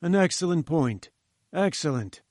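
A man's voice: on the high side, animated, normal speed, no echo, studio quality, natural voice. A man doing a pompous old professor. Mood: lecturing. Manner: condescending, lecturing. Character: pompous, patronizing older male professor. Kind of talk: audiobook reading.

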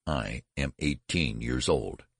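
A man reading as an insistent, firm young man, gravelly. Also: sits low, big pitch swings, takes it slowly, no room sound, studio quality, voice pushed up, full character voice. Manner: firm, earnest. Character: young man who looks old, insistent.

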